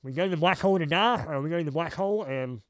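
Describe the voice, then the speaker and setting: A man co-hosting a podcast speaks in a slightly higher voice. He is laid-back and often trails off into fillers as he thinks aloud. The recording is dry, with no room echo. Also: lively intonation, racing. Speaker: podcast co-host. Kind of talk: casual chat.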